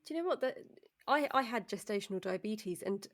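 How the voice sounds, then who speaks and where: A woman co-hosting a heartfelt discussion, answering with sympathy and her own experience. Her mid-pitched voice carries some gravelly fry. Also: lively intonation, a little fast. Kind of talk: conversational discussion.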